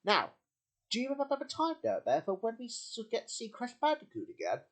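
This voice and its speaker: A man's voice: extremely high pitch, wildly swooping pitch, fairly quick, fairly bright tone. A man hosting a homemade puppet show, talking in a rambling way with many slips and restarts. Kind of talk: casual chat.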